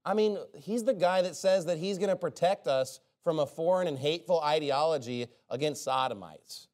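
A preacher delivers an informal, off-the-cuff sermon in a somewhat mellow voice that's a little high for a man. His delivery is sarcastic and rambling, at a moderate pace with hardly any pauses, and he keeps tossing in joking asides.

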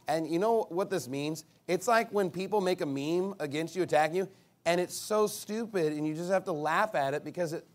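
A man preaching a sermon in a high, lively voice that swings widely in pitch. He reads scripture slowly with climbing emphasis, then turns animated and mocking, with sudden shouted bursts. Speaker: pastor.

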